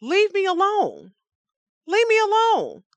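A woman's voice: extremely high pitch, huge pitch swings, takes it slowly, dry recording, voice pushed up, exaggerated voice. A woman voicing an anguished, angry man who pleads with God in an exasperated, pleading way.

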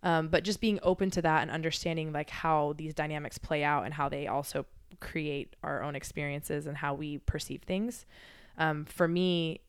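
A woman's voice: low voice, fairly even intonation, moderate pace, clean tone. A woman in casual chat as a podcast guest, speaking candidly and reflectively, swearing freely and using lots of filler words.

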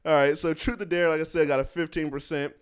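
A man's voice: fairly high pitch, level tone, fast, clear, resonant tone. A man co-hosting a casual chat about movie ratings, laid-back and slangy, laughing often. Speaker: podcast co-host.

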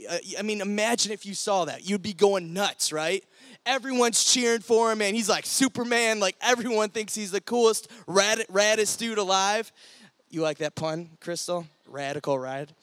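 A man's voice: high voice, moderate pace, no echo. A young adult man preaching to a youth group, telling stories with energy and acting out the voices of the people in them. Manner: energetic storytelling, acts out quoted voices. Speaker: youth pastor. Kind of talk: sermon.

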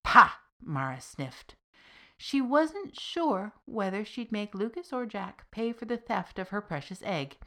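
A woman's voice: medium pitch, expressive, unhurried, hardly any pauses. Woman reading a fiction podcast aloud. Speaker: podcast narrator. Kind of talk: scripted narration of a fiction podcast.

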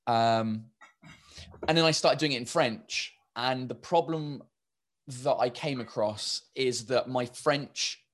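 A man's voice: medium pitch, slow pace, fairly bright tone. An English man, a stand-up comedian, chatting in an interview and rambling with many restarts and fillers. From England. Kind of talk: casual interview chat.

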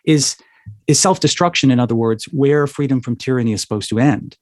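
A man's voice: mid-range voice, brisk, darkish tone, no echo, studio quality. Thoughtful man explaining ideas. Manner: thoughtful, lecturing, says "right?" often. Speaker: guest. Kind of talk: interview answer, explanatory.

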